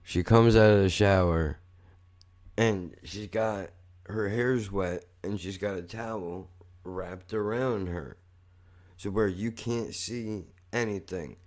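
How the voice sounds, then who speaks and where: A man's voice: lowish voice, slow, darkish tone. A man hosting a podcast, telling a rambling story in a blunt, profane way. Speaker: podcast host. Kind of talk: casual storytelling monologue.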